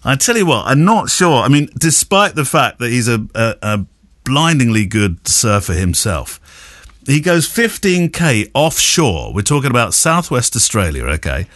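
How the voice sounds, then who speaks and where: Co-host, lively pitch, rambling and chuckly, dry close sound. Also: male voice, moderate pace, no echo. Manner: rambling, chuckling, self-correcting. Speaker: podcast co-host. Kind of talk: casual podcast chat.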